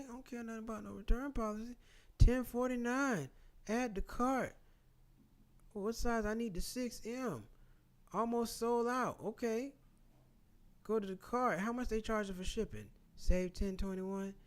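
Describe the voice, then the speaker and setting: A man vlogging casually, reading facts aloud and talking back to them with swearing and blunt asides. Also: high-pitched. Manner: animated, swearing, talking back to what he reads. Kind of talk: casual commentary reading and browsing online.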